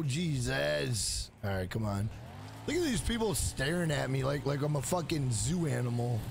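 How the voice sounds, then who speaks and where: A man live-streams a game. His voice sits high with a gravelly edge, and he talks slowly as he trash-talks the cars. Game music plays steadily behind his profane, excitable commentary. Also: background noise. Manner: greets and thanks chat viewers.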